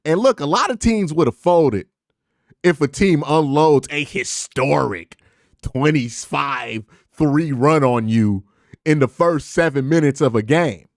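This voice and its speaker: Animated man reacting to a basketball game. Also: fairly high pitch, unhurried, no echo, studio quality. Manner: animated, slangy, emphatic with sound effects. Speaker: sports commentator vlogger. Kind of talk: excited casual sports reaction.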